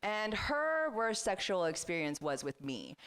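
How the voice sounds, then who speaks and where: A woman's voice: mid-range voice, big pitch swings, unhurried, very noisy. A woman in her thirties performing a stand-up comedy set on a club stage, chatty and self-deprecating, with lots of "like" fillers.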